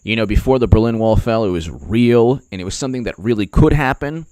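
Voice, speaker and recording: A man's voice: fairly low pitch, animated, a little fast, darkish tone, dry recording. A man hosting casual political commentary, rambling with many fillers and slipping into mocking impressions.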